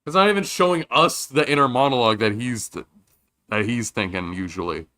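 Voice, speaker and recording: A man's voice: medium pitch, fairly quick, sharp tone. A young man streaming a video game, talking casually and reading dialogue aloud. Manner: casual and offhand. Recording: faint game music behind.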